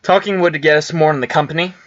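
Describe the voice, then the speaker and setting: A man's voice: a little high, fairly even intonation, fast talker, muffled recording. A man co-hosting a let's play, chatting casually and weighing game choices aloud. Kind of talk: casual gameplay chat.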